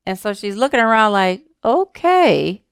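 A woman minister giving a sermon, thanking performers and telling a humorous story, with an animated way of talking and easy laughter. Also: mid-range voice, measured pace, clean tone, dry recording, studio quality. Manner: warm, animated, laughs easily, repeats words.

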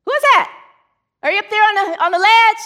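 A woman doing a frantic, shrill hiker. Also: animated, a little fast, sharp tone, heavily acted. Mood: panicky. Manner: frantic, high, pleading. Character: panicky man hanging from a cliff.

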